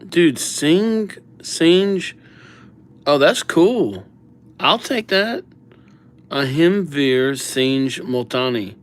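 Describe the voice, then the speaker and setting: A man with a fairly high, expressive voice hosts a live calligraphy stream, chatting casually with viewers. He jokes around and reads names from the audience, his slow, mumbling delivery wandering off-mic as he writes.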